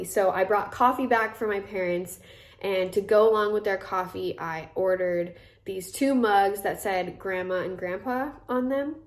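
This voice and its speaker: A young woman in her twenties tells a personal story in a loose, chatty way. She leans on fillers and keeps slipping into the voices of the people in it. Her pitch sits in a plain middle range. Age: 20s. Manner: chatty, filler-heavy retelling with many quoted asides. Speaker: vlogger. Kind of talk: casual storytelling.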